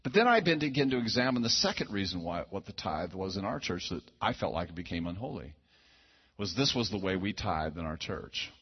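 Folksy preacher, low husky voice. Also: male voice, very animated, a little fast. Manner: folksy, conversational, frequent restarts and asides. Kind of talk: storytelling sermon. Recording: dull lo-fi sound.

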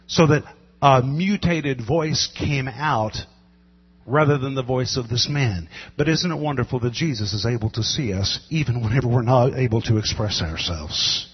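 A man preaching a sermon, building to loud emphatic cries and drawing out words for weight. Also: medium pitch, breathy edge. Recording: lo-fi echoing hall with mains hum.

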